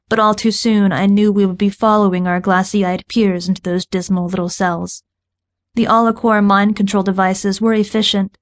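A woman narrating a science-fiction audiobook in the first person, at a medium pitch. Her reading is steady and even, with a narrow, flat melody throughout. The delivery is scripted narration.

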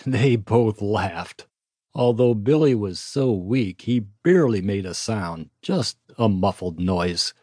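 A man narrating a western audiobook in a steady storytelling manner. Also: fairly low pitch, takes it slowly, husky, dry recording, studio quality. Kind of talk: scripted narration.

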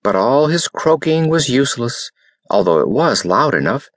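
A man's voice: medium pitch, moderate pace, no room sound, clean studio sound. A man narrating a fairy tale as an audiobook reader, telling it expressively. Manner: expressive storytelling.

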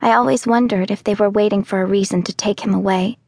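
A woman narrating a children's audiobook in the first person, telling the story calmly and clearly. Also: medium pitch, fast talker, no room sound. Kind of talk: scripted narration.

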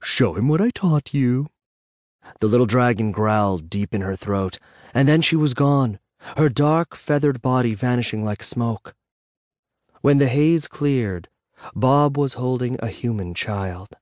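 A man narrating a fantasy audiobook in a measured, even storytelling manner in a studio. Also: medium pitch, dry recording.

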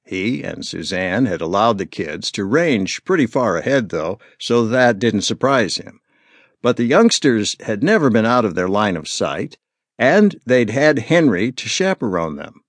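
A man narrating an audiobook with measured, expressive storytelling. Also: on the low side, no echo, studio quality. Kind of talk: scripted narration.

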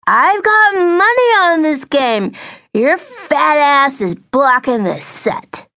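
A woman's voice: high voice, sing-song, slow, bright, forceful tone, no echo, studio quality, voice pushed up, exaggerated voice. A woman voicing a lazy, drunk brute of a man with a slurred drawl. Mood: irritated.

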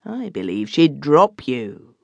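A man reading an audiobook voices a glib, teasing young gentleman who is deep in debt. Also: sing-song, slow, creaky, dry recording, muffled recording, full character voice. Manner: teasing, wheedling.

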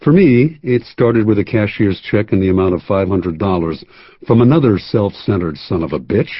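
A man reads a first-person thriller in a measured, wry storytelling voice. His tone is husky and a little low. The recording is dry and close, with a slightly dull, muffled top end. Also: expressive, dry recording. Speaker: audiobook narrator. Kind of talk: first-person scripted narration.

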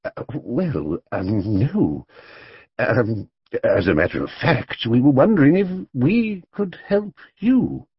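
A man playing a cautious middle-aged father in a storybook, hesitant and fussy, stumbling over his words. His husky voice swings up and down a great deal. The recording is dull and dry. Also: mid-range voice, sing-song, slow pace, no echo, voice pushed up, full character voice. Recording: dull, dry studio audiobook read.

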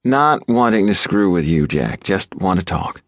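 An earnest, careful young city businessman, put on by a male audiobook narrator. He speaks with a slightly raised, hopeful lift over a low, dry voice, choosing each word cautiously. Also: lively intonation, a little slow, no echo. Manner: earnest, hesitant.

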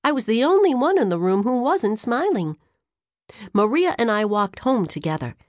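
A woman narrating a children's audiobook in an expressive storytelling manner, recorded on a studio microphone. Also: a little high, normal speed, no echo.

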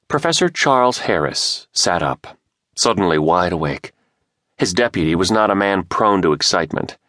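Deep-voiced man narrating a thriller. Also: moderate pace, gravelly, dry recording, clean studio sound. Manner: expressive, dramatic storytelling. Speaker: audiobook narrator.

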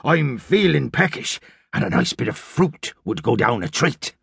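A man doing a gravelly old pirate captain. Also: mid-range voice, very animated, a bit bright, no room sound, full character voice. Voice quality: gravelly, husky. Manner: slow, drawling and folksy. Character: gruff hungry old male pirate captain. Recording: dry studio audiobook.

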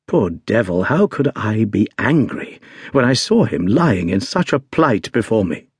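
Expressive male audiobook narrator. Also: fairly low pitch, a little slow, slightly rough, dry recording, studio quality. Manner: expressive, theatrical reading. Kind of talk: scripted narration. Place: dry recording booth. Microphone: close studio mic.

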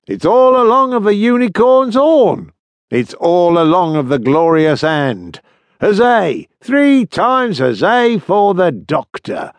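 A man voicing a rowdy sailor shouting cheers from the deck. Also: sits high, big pitch swings, slow, no echo, pitched above the performer's own voice, exaggerated voice. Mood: exultant. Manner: shouting, boisterous.

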